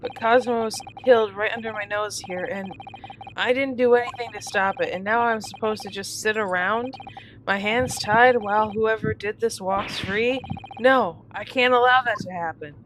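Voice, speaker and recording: A woman's voice: mid-range voice, moderate pace, noisy background, natural voice. A woman voicing an earnest young male law student, shaken but determined, reading a game scene in her own voice. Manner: pleading, then resolute. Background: game music.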